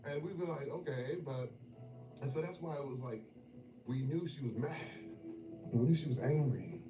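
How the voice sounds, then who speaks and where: A man telling personal stories in a casual chat over a meal, emotional and animated, dropping to murmurs and rising to loud bursts. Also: mid-range voice, normal speed, music in the background. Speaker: guest. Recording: echoey, distant, noisy room.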